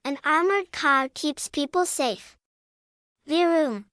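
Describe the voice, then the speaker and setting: Slow, high-voiced woman teaching kids words. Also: dry recording, studio quality. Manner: slow, even spelling-out with cheerful sound words. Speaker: vocabulary teacher. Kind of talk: scripted kids' lesson narration.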